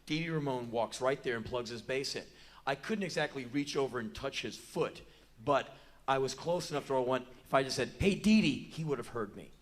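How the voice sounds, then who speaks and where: A man in his forties telling a long comic story live on a theater stage, animated and breaking into loud yelps and acted-out quotes. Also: mid-range voice, fairly quick. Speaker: spoken word performer. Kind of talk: live spoken word storytelling. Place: large theater stage before a live audience.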